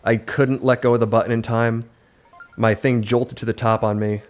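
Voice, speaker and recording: A man giving upbeat, excitable live play-by-play commentary on his own gaming stream, his voice a little worn. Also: mid-range voice, normal speed. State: voice slightly worn. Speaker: livestreamer. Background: faint game music.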